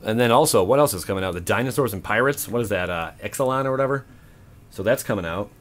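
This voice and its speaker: Excitable man opening card packs. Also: on the low side, fast talker. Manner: excitable, swears freely, counts out loud. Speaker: card-opening channel host. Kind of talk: excited casual commentary. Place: home room.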